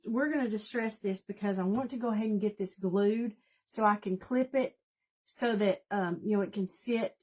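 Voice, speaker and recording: A woman's voice: medium pitch, darkish tone. A woman with a Southern US accent hosting a casual live craft demonstration, chatting folksily and greeting viewers by name as she works. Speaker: craft tutorial host. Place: home craft room.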